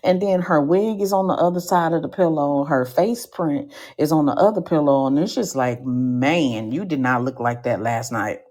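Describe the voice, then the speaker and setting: A woman hosting a live podcast show, telling stories in an animated, slangy way with comic asides to the audience. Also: deep voice, moderate pace, few pauses. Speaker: podcast host.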